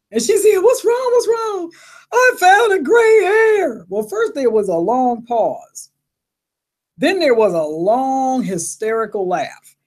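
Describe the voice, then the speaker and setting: A middle-aged woman vlogger chatting casually, reading viewer comments and telling animated stories with frequent laughter. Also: fairly high pitch. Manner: animated storyteller who laughs often and acts out reactions. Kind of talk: casual chat.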